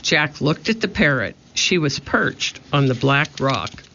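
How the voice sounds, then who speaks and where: Man, children's storybook narrator, slow, bright, muffled. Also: on the high side, creaky, slight background noise. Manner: steady, expressive reading. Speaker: audiobook narrator. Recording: muffled lo-fi audio.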